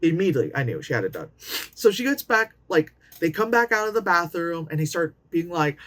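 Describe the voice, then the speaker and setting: A woman in her late thirties giving a casual, profane movie review, animated and often mocking characters in put-on voices. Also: on the low side, fairly quick. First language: Chinese. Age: late 30s.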